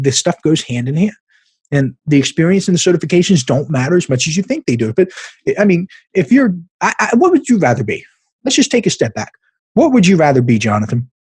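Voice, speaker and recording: Blunt guy coaching on his podcast, a bit high, husky voice, dry close sound. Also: no echo. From American Midwest. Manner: blunt, animated, laughs at himself. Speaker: podcast host, business coach. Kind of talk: casual podcast advice talk.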